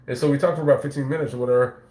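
A man's voice: medium pitch, steady tone, racing, mellow, roomy sound. A man telling a story to camera as a YouTuber, swearing freely, rambling and stumbling over his words with repeated restarts. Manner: profane, rambling, stammering restarts. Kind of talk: casual storytelling to camera, reading chat.

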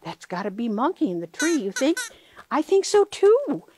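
Animated woman reading a storybook aloud. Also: sits high, moderate pace, a little hiss or hum. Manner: animated, questioning, playful with listeners. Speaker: picture-book reader. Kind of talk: reading a picture book aloud to children.

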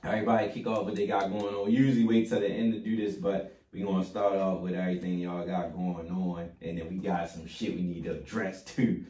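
A man's voice: low voice, little pitch movement, brisk, hardly any pauses, warm tone. A man hosting a casual panel podcast, talking loosely, swearing freely and laughing often. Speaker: podcast host. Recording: roomy distant mic with faint noise.

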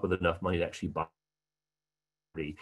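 On a livestream, a tour guide presents an online art program in a fairly low, slightly rough male voice at a quick pace. He's casual and chatty, with lots of ums and asides, and gets animated now and then to stress a point.

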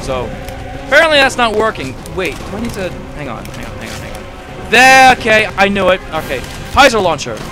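A man's voice: sits high, very animated, a little fast. Rambling, cursing gameplay commentator man. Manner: rambling, swearing, joking. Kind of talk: casual let's-play commentary. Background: game music.

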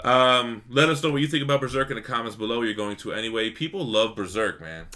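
A man's voice: mid-range voice, fast, bright, forceful tone. A man hosting a casual comic book review, talking in laid-back slangy banter. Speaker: host.

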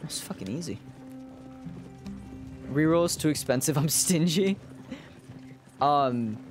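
A man's voice: fairly high pitch, lively intonation, takes it slowly, faint music behind. A male streamer casually commenting on his game to viewers, swearing freely. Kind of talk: gaming livestream commentary.

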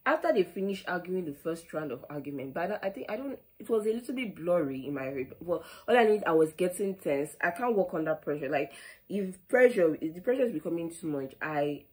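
A young Nigerian woman with a Nigerian accent, telling an animated storytime vlog, full of quoted back-and-forth and "like". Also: fairly low pitch, brisk, poor audio. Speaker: vlogger.

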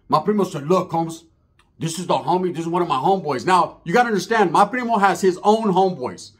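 A man's voice: high voice, a bit bright. A man telling a profane comic street story and acting out the voices of the people in it. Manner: acts out quotes in shifting voices, slangy and profane. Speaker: storyteller comedian.

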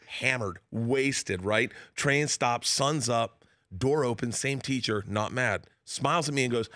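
A man's voice: normal speed, a bit bright, no echo, studio quality. A comedian from Florida in his forties, telling a story in an interview and acting out the people in it. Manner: acts out characters with wild pitch jumps and laughter. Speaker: comedian guest. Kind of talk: animated storytelling.

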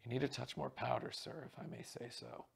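A man voicing a little, dried-up old male theatre dresser in a hushed, deferential murmur. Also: medium pitch, fairly even intonation, brisk, gravelly, breathy edge, full character voice.

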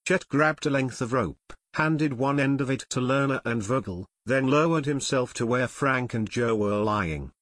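A man narrating an audiobook in a steady storytelling manner, recorded close on a studio mic. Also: medium pitch, measured pace, few pauses, no room sound. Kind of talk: scripted narration.

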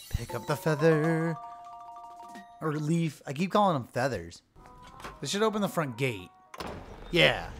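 An excitable host narrating a video game in casual, sarcastic commentary, swearing freely. The voice swings widely in pitch, jumping from muttered grumbles to loud yelps. Faint music runs underneath. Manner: loud sudden outbursts. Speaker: let's-play host.

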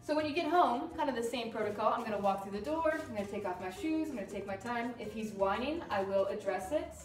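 A woman dog trainer explaining crate training in a calm, firm way while working with a dog. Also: a little high, quick pace. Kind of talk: instructional demonstration. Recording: roomy sound from a distance with music.

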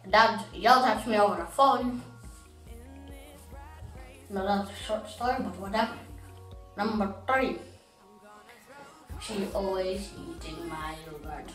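A woman telling a comic story as a rant, exasperated and often breaking into yelling. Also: medium pitch. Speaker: comedic vlogger. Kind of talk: comedic ranting monologue. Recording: roomy echo from a distant mic, faint music.

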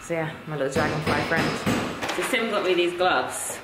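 A woman talking casually to her camera in a garden, chatty and excitable, laughing often. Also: deep voice, moderate pace. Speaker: vlogger. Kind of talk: casual home vlog. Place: outdoors in a garden. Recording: echoey with loud background noise.

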